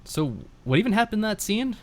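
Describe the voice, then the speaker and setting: A man's voice: high voice, brisk. Laid-back man reading a game aloud. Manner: laid-back, reads narration aloud with lively inflection. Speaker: streamer.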